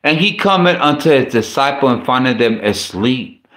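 A man's voice: medium pitch, lively intonation, normal speed, a bit bright. A man preaching in a loose, conversational way, often restarting his words and throwing in slang asides. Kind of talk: casual sermon. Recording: roomy echo.

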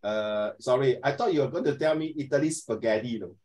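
A man leading a classroom discussion, playful and lively, mixing English with Mandarin. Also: mid-range voice, a little fast, crowd noise, poor audio. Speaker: teacher.

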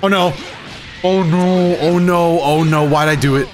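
A man giving live commentary on his own fighting-game matches, excitable, swinging between muttering and shouting, his throat a bit rough. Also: a little high, a little slow, soft background music. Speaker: gaming YouTuber.

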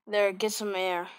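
A woman's voice: mid-range voice, very noisy. A woman giving casual, sarcastic gameplay commentary into a close mic, with sudden exclamations. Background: loud game music.

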